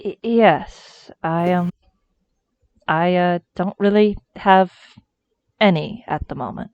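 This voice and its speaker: A woman voicing a shy, polite young man who answers hesitantly and softly. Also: lowish voice, slow. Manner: hesitant and soft-spoken. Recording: slightly dull lo-fi audio.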